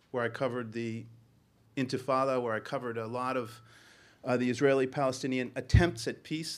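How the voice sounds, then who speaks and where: A middle-aged man from Boston, a newspaper journalist, telling a personal story to a panel in an earnest, halting way with many ums and restarts. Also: medium pitch.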